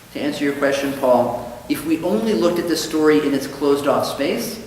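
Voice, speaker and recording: In a very echoey synagogue study hall with faint background noise, a man of medium pitch teaches a relaxed Talmud class, heard from far off the mic. He is a rabbi with a thoughtful manner, and he gives the quoted lines in his stories a livelier voice.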